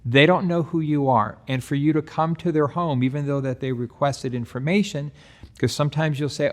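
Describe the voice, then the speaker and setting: A middle-aged man, a sales trainer, giving a relaxed training talk and acting out doorstep conversations with customers. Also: fairly high pitch, normal speed. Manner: relaxed, acts out doorstep dialogue.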